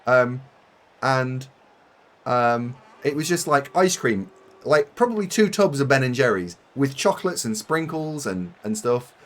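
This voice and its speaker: He speaks a little slowly, with an expressive medium-pitched voice. A British man streaming a game, he chats casually to viewers, rambling, laughing often, and making fun of himself.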